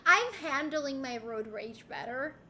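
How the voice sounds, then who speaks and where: Young woman streamer, high voice, bright tone, swears a lot, just chatting loose. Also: expressive, a little slow, a little hiss or hum. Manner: candid, swears freely, rambling with restarts. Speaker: streamer reading chat. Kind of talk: casual chat. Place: home.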